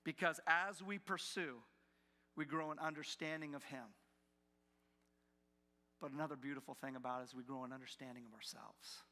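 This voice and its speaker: A man preaching a sermon as pastor, animated, acting out the doubting voices of the people he describes. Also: medium pitch, moderate pace, pauses often. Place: church sanctuary. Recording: long hall reverb from a church.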